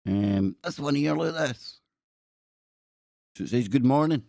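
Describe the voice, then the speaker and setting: A man's voice: medium pitch, lively intonation, measured pace, gravelly, a little mellow, no room sound, clean studio sound. A man hosting a live stream, rambling and joking as he reads captions aloud in casual commentary. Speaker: live-stream show host.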